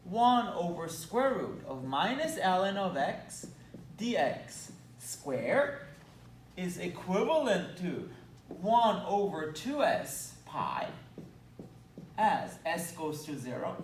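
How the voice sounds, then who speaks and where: A man with a Belgian accent explains math at a whiteboard with enthusiasm and little playful asides. His pitch swings lively up and down while he keeps a slow, deliberate pace. The sound is roomy and echoey, picked up from a distance with a faint hum behind. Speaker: math lecturer. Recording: echoey room, mic at a distance.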